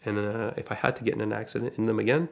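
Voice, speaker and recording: Lowish-voiced man telling a story. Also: racing, vocal fry. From Canada. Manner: animated, acts out quoted voices. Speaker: guest storyteller. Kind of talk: casual storytelling.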